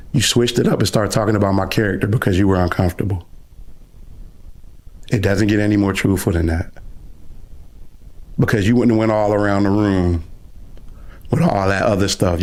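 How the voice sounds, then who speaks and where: A middle-aged man, a gaming streamer, delivering a loud, aggressive trash-talking rant on a live reaction stream. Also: on the low side. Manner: loud, aggressive trash talk, calls the other player "son".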